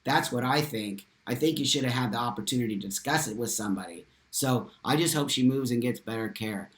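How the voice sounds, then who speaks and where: A man's voice: mid-range voice, fairly quick. A man hosting a live stream, reading viewer comments aloud and speaking passionately and emphatically, swearing freely. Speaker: livestream host. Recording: roomy echo.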